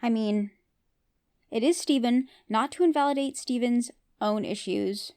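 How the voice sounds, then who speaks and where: A woman hosting a podcast recaps a TV episode in a casual, opinionated way, often asking her listeners questions. Her voice is on the high side and a little mellow, and she speaks unhurriedly.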